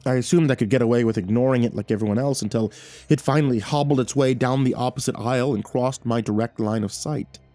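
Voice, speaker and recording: Male horror narrator with a warm, dark tone; reads slowly and dramatically over quiet music. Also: medium pitch, no room sound. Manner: measured and dramatic, with nervous stammered repeats. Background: faint background music.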